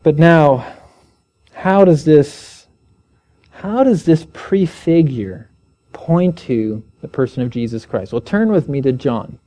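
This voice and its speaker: Earnest man preaching, mellow voice. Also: expressive, takes it slowly. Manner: earnest, asks the listeners questions, raises pitch when reading scripture aloud. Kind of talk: evening Bible teaching sermon.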